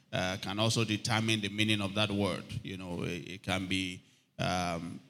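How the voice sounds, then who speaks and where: A man's voice: lowish voice, bright, forceful tone. A man preaching a sermon, calling for amens from the congregation and reading scripture aloud with rising emphasis. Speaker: pastor.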